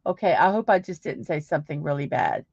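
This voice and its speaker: A middle-aged woman streams from home, reading viewer comments in a chatty, meandering way full of fillers and restarts. Her low voice is animated, fast, gravelly, husky and darkish in tone. The home mic sounds dry and slightly muffled, with no room sound.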